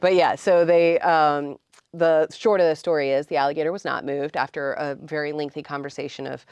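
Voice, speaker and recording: A woman with a low voice spins animated anecdotes, slipping into quoted lines. The recording is dry and close, with no room sound. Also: a little fast, clean tone, no echo. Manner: lively anecdotal, animated quoting. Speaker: film commissioner. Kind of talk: storytelling in an interview.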